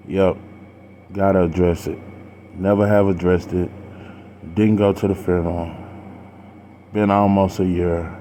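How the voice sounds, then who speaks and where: A very low-voiced man speaks to his viewers in a personal vlog. His talk is slow, heavy and halting, broken by sighs and casual slang. A faint hiss of noise sits under the recording. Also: steady tone, a little mellow. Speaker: boxing channel vlogger.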